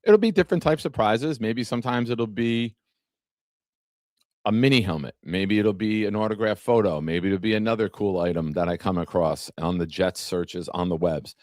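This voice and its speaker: Here a podcast host with a lowish, slightly mellow voice talks at normal speed on his casual live-streamed sports show. He chats with viewers by name and reads from an article, in studio-quality audio with no room sound.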